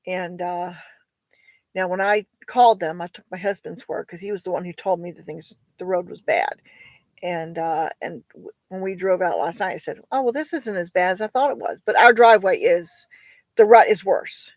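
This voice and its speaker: A woman's voice: on the low side, normal speed, dry recording, poor audio. A tired woman homesteader talking casually about her goats, rambling and hesitant, with many fillers and restarts. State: tired, sighing. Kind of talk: casual vlog chat.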